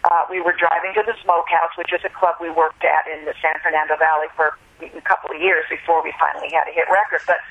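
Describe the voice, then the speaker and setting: A woman's voice: low-pitched, steady tone, quick pace, creaky, hardly any pauses, husky. An older woman from the American South, a singer being interviewed, telling stories in a chatty, reflective way and laughing easily. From US South, Alabama. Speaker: guest, singer. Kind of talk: relaxed phone interview storytelling. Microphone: telephone. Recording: tinny phone line.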